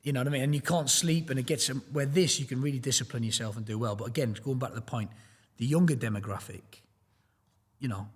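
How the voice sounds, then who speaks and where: A man with a husky, slightly breathy voice speaks in a studio whose long reverb trails after his words. His talk is a blunt, motivational roundtable chat broken up by joking asides. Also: medium pitch, quick pace. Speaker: prop trading firm team member.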